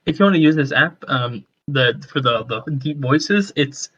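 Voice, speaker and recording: Bright-voiced hesitant male musician. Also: mid-range voice, expressive, normal speed, husky, dull audio. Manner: hesitant, searching for words. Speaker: musician and co-host. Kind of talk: casual podcast chat.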